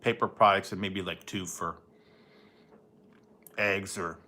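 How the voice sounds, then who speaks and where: A man's voice: low-pitched, fairly even intonation, slow pace, pushed and bright. A man hosting a casual livestream, rambling and chatting, often laughing and mimicking other people. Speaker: livestream host. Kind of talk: casual late-night livestream chat.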